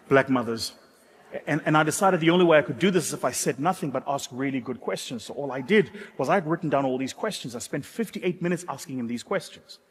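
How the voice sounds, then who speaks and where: A South African man giving a motivational keynote, an animated and dramatic storyteller with self-mocking humor. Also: mid-range voice, brisk, husky. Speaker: keynote speaker. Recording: echoey hall.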